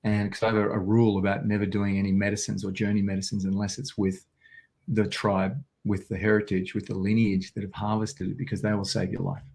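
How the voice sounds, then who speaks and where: A man's voice: on the low side, little pitch movement, a little fast, vocal fry, darkish tone. An Australian man telling a personal story as an interview guest, vivid and intense, acting out quotes.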